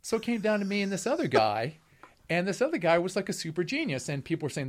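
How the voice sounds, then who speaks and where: In this storytelling conversation, a middle-aged man, a professor under interview, speaks fast in a slightly high, sing-song voice. His long tale wanders wryly, with plenty of fillers and false starts.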